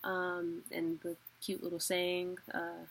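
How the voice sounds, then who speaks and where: Casting note: young woman, casual online teacher, gravelly low voice, unhurried. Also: slight background noise. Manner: relaxed, chatty, laughs often, fillers like "like" and "um". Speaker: teacher of a weekly online class. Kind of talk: casual spoken lesson.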